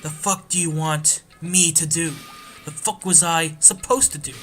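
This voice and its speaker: A man voicing a tough, hot-tempered young male biker in a game let's play, gruff and swearing. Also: a little high, steady tone, a little slow, a bit bright, soft background music. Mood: angry.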